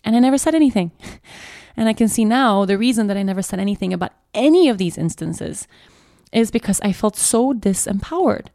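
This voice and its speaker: A young adult woman hosting a podcast, telling a personal story in a halting way, often restarting and repeating herself. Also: mid-range voice, lively intonation, gravelly, warm tone, no echo, clean studio sound. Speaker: podcast host.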